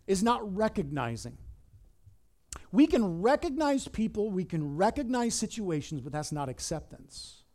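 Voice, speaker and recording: A male preacher with a high, lively voice swooping all over the place. He tells the story emphatically, pushing loud on key lines then dropping soft. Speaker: pastor. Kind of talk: sermon.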